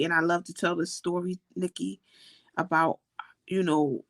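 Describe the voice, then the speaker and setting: A woman's voice: on the low side, dry recording. A woman chatting casually from home on a livestream, rambling with many "you know"s and laughing often. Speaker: livestream host. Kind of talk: casual heartfelt livestream chat. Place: at home, indoors.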